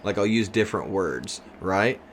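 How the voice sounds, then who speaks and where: A man's voice: sits low, animated, normal speed, a little hiss or hum. A man in his thirties co-hosting a podcast, chatting casually and joking, rambling with lots of fillers. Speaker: podcast co-host. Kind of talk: casual chat.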